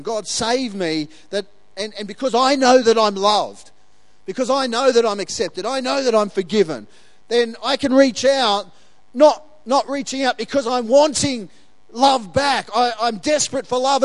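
High-voiced male pastor preaching. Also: no room sound. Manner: conversational and animated, laughs often, acts out quotes. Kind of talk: sermon.

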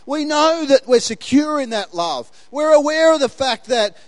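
A man preaching as pastor in a conversational, animated way, often laughing and acting out quoted lines. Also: extremely high pitch, moderate pace, no room sound. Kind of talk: sermon.

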